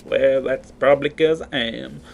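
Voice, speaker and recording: A man's voice: medium pitch, fairly even intonation, moderate pace, creaky, a little hiss or hum. A man giving casual, rambling commentary while playing a game, swearing freely and laughing at himself. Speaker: gaming commentator.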